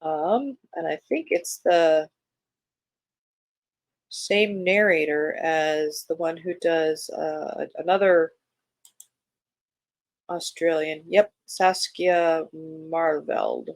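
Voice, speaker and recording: A book channel host reads new-release blurbs with some drama, then chats loosely with ums and restarts. The voice has a creaky, gravelly edge. It sounds close and dry. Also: mid-range voice, fairly even intonation, drawn-out words, long pauses, no echo. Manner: reads blurbs expressively, then muses aloud with fillers. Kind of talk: reading book blurbs and casual commentary.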